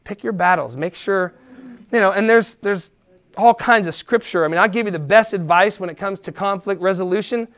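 High-voiced man preaching a lively sermon. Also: moderate pace. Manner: animated, acts out quoted voices; drops to a soft, quiet tone for encouragement. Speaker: pastor.

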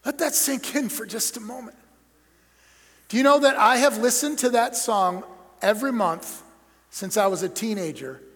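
A middle-aged man preaches with a high, gravelly voice. He keeps it conversational and joking, pushing loud on key points, then dropping soft for personal stories. His words ring out with long reverb from a large church hall. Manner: conversational and joking, swinging between loud emphasis and soft storytelling. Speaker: pastor. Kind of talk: sermon. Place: church sanctuary.

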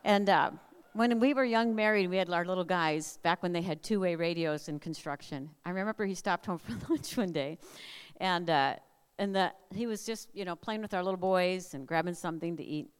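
A woman's voice: lowish voice, normal speed, clean tone. Older woman telling funny stories in a hall. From Minnesota. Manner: animated, humorous storyteller. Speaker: speaker at family camp. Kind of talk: storytelling sermon. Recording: long hall reverb.

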